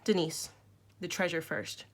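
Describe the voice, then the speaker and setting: A woman's voice: on the low side, fairly even intonation, measured pace. Storybook: woman voicing a harsh boy leader, firm commands. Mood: commanding. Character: bossy boy, leader of the friends.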